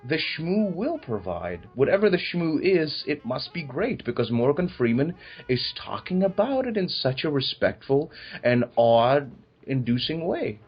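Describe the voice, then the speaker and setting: A young man in casual film review chat, profane and riffing with mocking asides, husky voiced. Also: on the high side, sing-song, unhurried, highs cut off, faint music behind. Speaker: podcast co-host.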